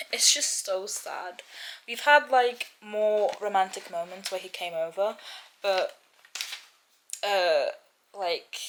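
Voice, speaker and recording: A woman's voice: medium pitch, poor audio. Chatty young woman vlogging about a book. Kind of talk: casual reading vlog. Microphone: camera.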